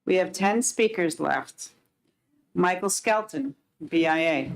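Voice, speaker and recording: Committee chair lady, slow and procedural, lowish voice. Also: low-quality recording. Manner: brisk, procedural. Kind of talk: chairing a hearing.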